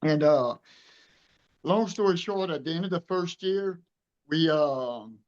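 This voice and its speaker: A man's voice: a little high, animated, slow pace, a little mellow, muffled recording. Earnest storytelling man in his fifties. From Louisiana. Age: 50s. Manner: earnest, emotional storyteller who acts out quoted dialogue. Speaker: truck show director being interviewed. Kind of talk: casual storytelling interview.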